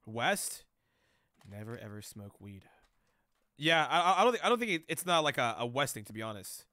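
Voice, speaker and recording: Bright-voiced young man streaming. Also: mid-range voice, very animated, normal speed, dry recording, clean studio sound. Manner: loose, profane, rambling slang talk. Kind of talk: casual live-stream chat.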